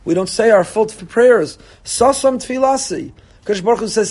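A rabbi delivers a sermon in a high, bright-pitched voice. He preaches with animated emphasis, often slipping into dramatized quoted speech. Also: moderate pace, breathy edge. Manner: animated preaching, voicing God and congregants.

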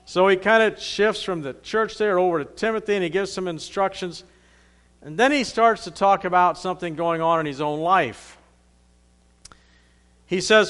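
Man preaching, conversational sermon, reads scripture aloud, fairly high voice. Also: moderate pace, fairly bright tone, clean tone.

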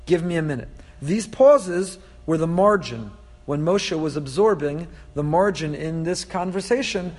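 A man lecturing as a rabbi in a Torah class, animated and explanatory, weaving in Hebrew terms. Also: fairly high pitch.

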